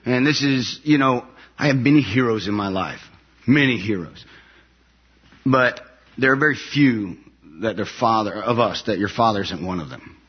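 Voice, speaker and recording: A man with a husky, slightly breathy voice tells a story about coming home from war to a listening audience. He is animated and laughs often. The recording sounds a bit dull and muffled. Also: fairly low pitch, moderate pace. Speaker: soldier sharing his story.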